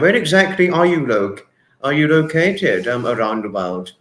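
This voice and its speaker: A man's voice: fairly high pitch, animated, moderate pace. Effusive English man in an echoey room. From England. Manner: effusive, greets viewers warmly by name, swears freely. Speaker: livestream host. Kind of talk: casual livestream chat reading comments.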